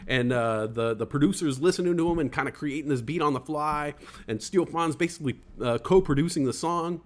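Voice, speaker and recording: Rambling, excitable livestream host, a man. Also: a little high, fairly quick. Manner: rambling, excitable, self-deprecating, swears casually. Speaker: podcast host reading live chat. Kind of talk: casual livestream chat.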